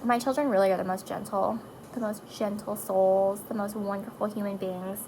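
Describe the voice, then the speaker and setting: A woman's voice: medium pitch, fairly even intonation, moderate pace, noisy background. A woman, a mother of four chatting casually while doing her makeup, emotional and rambling with lots of fillers. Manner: chatty and emotional, drifting between topics with frequent likes and fillers.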